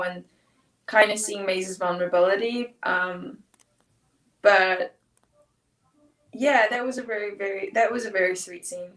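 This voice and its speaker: A woman's voice: mid-range voice, steady tone, moderate pace, long pauses, fairly bright tone. A woman answering fan questions as an actor guest on a panel, agreeable and thinking aloud with fillers. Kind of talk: casual panel chat. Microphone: video call. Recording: roomy, distant from mic.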